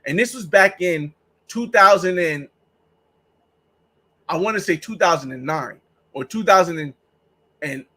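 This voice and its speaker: High-voiced man telling travel stories. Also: expressive, measured pace, pauses often, sharp tone, poor audio. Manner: rambling, storytelling with acted-out exchanges. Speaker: travel vlogger host. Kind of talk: casual livestream chat.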